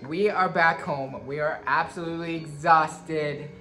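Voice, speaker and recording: A woman's voice: deep voice, fairly even intonation, a little slow, loud music behind the voice. A young woman vlogging in a casual, chatty way, with "literally" in every other sentence. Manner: chatty, says "literally" often. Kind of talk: casual vlog chat.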